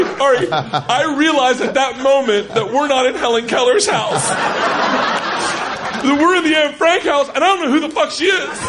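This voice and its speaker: Give me a loud, animated male comedian with a high voice, on a stage mic. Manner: loud, animated, laughing while telling. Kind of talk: stand-up storytelling. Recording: loud noisy live recording.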